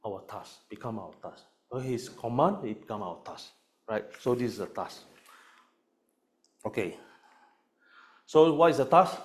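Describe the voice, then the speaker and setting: Guy pastor preaching to his congregation, mid-pitched voice, keeps tossing in "right?" and "huh?", goes loud then drops soft. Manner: emphatic, peppers lines with "right?" and "huh?" tag questions; swings between loud stresses and soft asides.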